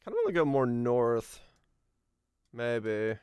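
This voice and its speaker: A male streamer plays a geography game in a casual live-stream chat, laid-back and musing aloud about where he is, laughing often and swearing now and then. His smooth, resonant, middle-pitched voice moves at a slow pace. The recording is dry and close, with no echo or room sound.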